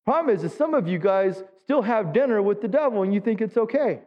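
High-pitched guy preaching to his church, keeps asking the crowd stuff, muffled boomy recording. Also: animated, a little fast. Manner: conversational preaching, asks the congregation questions. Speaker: pastor. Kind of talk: sermon. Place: church sanctuary. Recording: dull lo-fi sound with long hall reverb.

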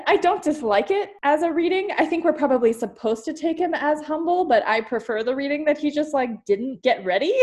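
A woman's voice: medium pitch, a little mellow. A woman co-hosting a podcast, analyzing a comic while thinking aloud, with lots of "like" and "kinda". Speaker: podcast co-host. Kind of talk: casual analytical discussion.

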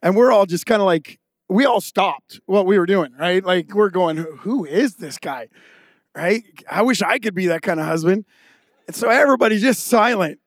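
A man's voice: high voice, moderate pace, dry recording, clean studio sound. A male pastor giving a sermon with casual, humorous storytelling.

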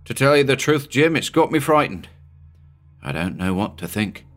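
A man voicing a cool-headed male scientist aboard a ship, speaking in a grim, measured and decisive way. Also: mid-range voice, sing-song, fairly bright tone, pitched above the performer's own voice. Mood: uneasy. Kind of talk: audiobook character reading.

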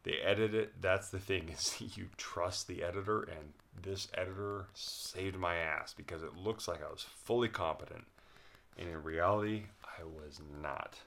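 A man's voice: deep voice, normal speed, vocal fry, a bit bright. A man telling a rambling, laughing story in a casual chat, swearing freely.

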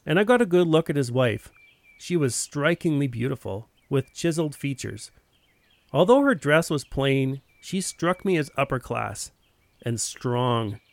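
A man's voice: mid-range voice, animated, measured pace, creaky, no room sound. A man telling a first-person story in a plain, wry narrating voice.

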